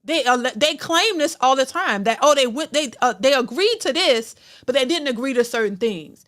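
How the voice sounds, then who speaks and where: A woman with a high-pitched voice talks through her reaction to a clip and airs her opinions as she goes. She often stammers and restarts her sentences. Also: animated, moderate pace, a bit bright. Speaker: reaction channel host. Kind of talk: reaction commentary.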